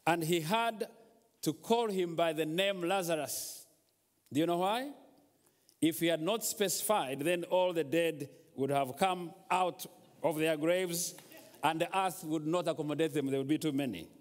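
Slow-preaching man in a hall. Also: fairly high pitch. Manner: storytelling, rising to exhortation. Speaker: guest preacher. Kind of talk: sermon. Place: large church hall. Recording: long church hall reverb.

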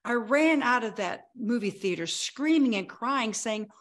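A woman in her sixties speaks with a voice that sits a little high. She tells her own story as a podcast guest, vivid and dramatic, and acts out the dialogue she remembers. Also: animated, a little slow. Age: 60s. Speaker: guest, health coach. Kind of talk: personal storytelling in a podcast interview.

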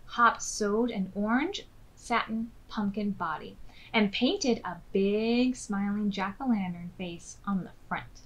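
A woman, a children's librarian, reading a picture book aloud to preschoolers with slow, expressive narration. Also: medium pitch, poor audio.

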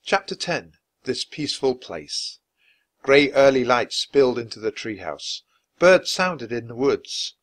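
A man reading a children's chapter book aloud, narrating clearly and expressively. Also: mid-range voice, expressive, measured pace, fairly bright tone. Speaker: storybook reader.

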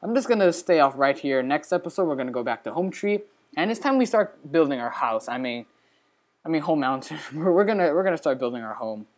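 Speaking briskly, this man hosts a let's play from his computer, excitedly and casually narrating the game. His chatter is broken up by sudden squeals at a high pitch.

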